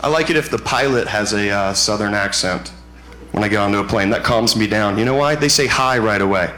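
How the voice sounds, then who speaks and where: A male stand-up comedian telling an animated, mock-panicked story in a live comedy routine. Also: on the low side, brisk. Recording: live recording with loud background noise.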